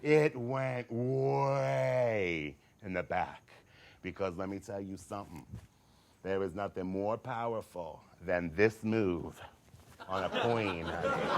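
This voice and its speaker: A man's voice: fairly low pitch, creaky, sharp tone, slight background noise. Campy man telling a comic story. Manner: theatrical, acts out voices with big swings; campy, sassy asides.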